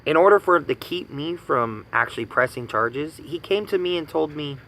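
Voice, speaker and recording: Angry man ranting, gravelly and bright. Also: on the high side, expressive, normal speed, poor audio. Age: 30s. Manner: profane, indignant, emphatic repetition. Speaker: vlogger ranting. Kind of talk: angry personal rant.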